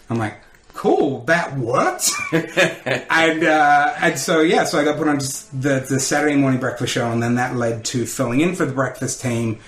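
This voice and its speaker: With a mid-range voice in a roomy-sounding recording, this Australian man, a comedian and radio host, tells lively stories as a podcast guest. In the casual interview, he acts out the quotes of the people he mentions.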